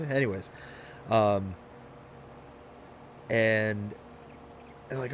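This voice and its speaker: Male stream host from Michigan, mid-pitched, loose rambling chat, faint background hum. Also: expressive, a little slow, pauses often. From Michigan, USA. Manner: rambling, anecdotal, frequent restarts. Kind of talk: casual chat while streaming a game.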